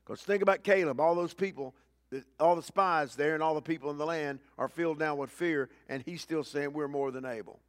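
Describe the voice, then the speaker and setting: Male pastor, high-pitched, preaching a sermon; loud emphasis alternating with hushed lines, lots of repetition. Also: a little fast, dry recording, clean studio sound. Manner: preaching with swings between loud emphasis and low quiet asides; repeats key lines for emphasis.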